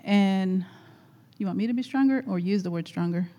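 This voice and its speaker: A woman's voice: medium pitch, moderate pace, mellow. A woman telling a personal story at church, chatty and rambling with frequent laughs. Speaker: guest speaker at church. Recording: echoey hall.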